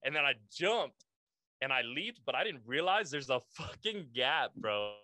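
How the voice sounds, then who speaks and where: Young man, bright forceful voice, dry close sound, slangy profane storytelling. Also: medium pitch, very animated, unhurried, no room sound. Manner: profane, slangy, calls listener bro. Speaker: guest. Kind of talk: casual storytelling.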